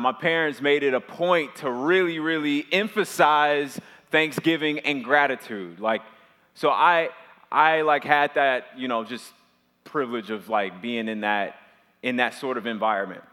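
A man's voice: mid-range voice, normal speed, pushed and bright. A man in his twenties, a pastor telling a personal story to his congregation in a chatty, loose way with lots of filler words. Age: 20s. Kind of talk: storytelling sermon to a live audience. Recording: long hall reverb.

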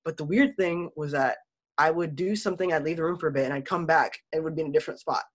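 A woman in casual chat telling a spooky childhood story, laughing often and acting out the people she quotes. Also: sits low. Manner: fast, laughing, acts out quoted voices.

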